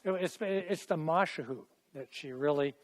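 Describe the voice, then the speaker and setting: A man's voice: fairly high pitch, moderate pace. Chatty man teaching a Hebrew class. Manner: chatty, repeats phrases for students to echo. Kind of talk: classroom language lesson. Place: classroom with students.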